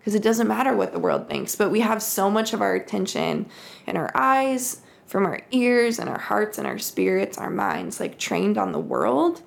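A woman co-hosting a relaxed faith podcast, with a gravelly, fry-heavy voice. Her pitch swings widely as she tells a story and acts out the voices in it. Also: moderate pace. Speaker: podcast co-host. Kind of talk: casual faith conversation.

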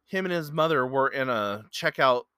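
A man talks alone on his podcast in a loose, rambling, earnest way, full of fillers and restarts. His voice is bright and sits at an ordinary pitch for a man. The sound is dry and close to the mic. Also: animated, normal speed, smooth, no echo. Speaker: podcast host. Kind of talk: casual solo podcast storytelling.

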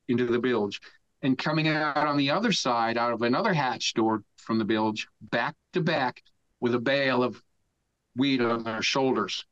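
A man in his sixties tells a long story as a podcast guest. He talks in an animated, profane way and shouts out the lines he quotes. His voice sits at a middle pitch, and the recording is a little dull and lo-fi. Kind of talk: casual storytelling interview.

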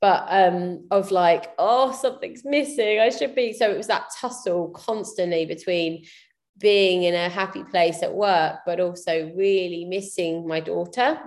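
A woman's voice: fairly low pitch, steady tone, unhurried, darkish tone. A woman, a business founder talking candidly and reflectively in a casual interview, with many fillers and restarts. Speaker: podcast guest, PR business founder.

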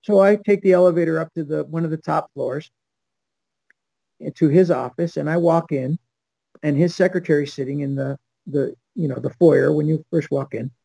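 A man's voice: on the high side, fairly even intonation, moderate pace, vocal fry, dark tone, no echo, low-quality recording. An older man from Los Angeles, a podcast guest telling a long story and acting out the people in it. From Los Angeles, USA. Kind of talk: storytelling anecdote.

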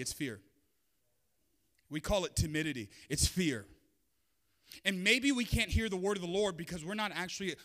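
High bright-voiced guy preaching a sermon, chatty with little jokes, long hall echo. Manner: conversational preaching with joking asides. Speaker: pastor.

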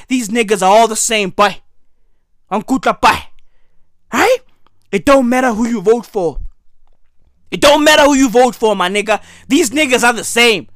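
A hoarse man with a South African accent delivering a profane, comedic political rant, switching between English and Zulu slang. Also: very high-pitched, a little slow, long pauses, sharp tone, no echo, clean studio sound. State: hoarse, clearing throat. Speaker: vlogger.

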